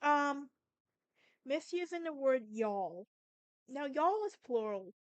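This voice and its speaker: Southern woman with a sassy, emphatic delivery, high voice, dry close sound. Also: animated, slow pace, dry recording, lo-fi sound. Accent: Southern American. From Southern United States. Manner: sassy, emphatic, talks straight to the listener. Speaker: podcast host. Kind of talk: casual monologue.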